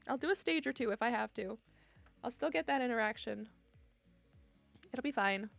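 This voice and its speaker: A woman's voice: high voice, normal speed, vocal fry, long pauses, pushed and bright, no room sound. A young woman streamer in a casual goodbye chat with her viewers, emotional and laughing often. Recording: dry close mic, faint music behind.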